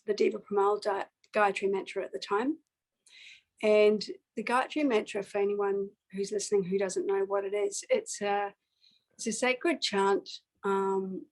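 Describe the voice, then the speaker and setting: A woman, a singer-songwriter guest, telling a personal story in an earnest, reflective way with pauses and fillers. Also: mid-range voice, a little mellow, low-quality recording.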